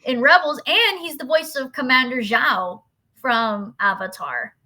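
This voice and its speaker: A young adult woman, a podcast guest, chatting eagerly and quickly as a fan in a casual talk. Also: high voice, bright, forceful tone.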